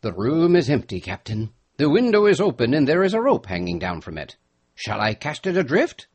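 A man's voice: a little high, huge pitch swings, moderate pace, darkish tone, slightly rough, pitched above the performer's own voice, heavily acted. A man voicing a practical older sailor in a storybook reading, plain-spoken. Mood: steady. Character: steady older male sailor and foreman.

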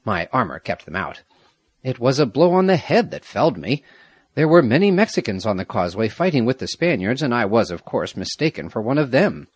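A man reading the part of a brave, loyal young soldier, earnest and measured, with a husky voice. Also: mid-range voice, sing-song, no echo. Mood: calm.

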